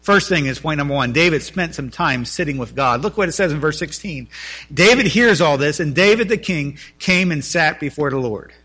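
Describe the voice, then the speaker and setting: A man preaching a sermon, reading scripture and explaining it with animated asides. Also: fairly high pitch, normal speed, husky. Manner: animated preaching, voices biblical figures in quotes. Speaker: pastor.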